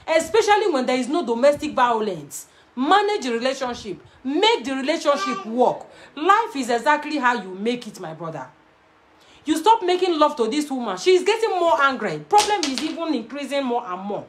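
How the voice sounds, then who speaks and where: A woman's voice: high-pitched, sing-song, moderate pace. A young Nigerian woman with a Nigerian accent, giving emphatic, preachy relationship advice to viewers and repeating her key points. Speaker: relationship adviser.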